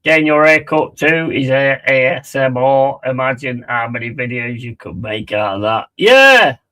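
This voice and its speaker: A man's voice: mid-range voice, little pitch movement, moderate pace, fairly bright tone, smooth, low-quality recording. A man chatting casually on a live stream, rambling, mocking and swearing a lot.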